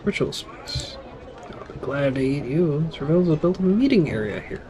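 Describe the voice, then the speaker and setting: A man's voice: a little high, animated, moderate pace, noisy background. Man thinking aloud while gaming. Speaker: let's play gamer. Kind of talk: casual game commentary.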